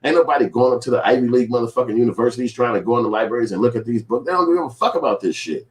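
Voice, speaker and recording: A man's voice: medium pitch, animated, racing. A man filmmaker in a casual commentary vlog, rambling and profane, acting out little quoted scenes. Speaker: filmmaker and vlogger.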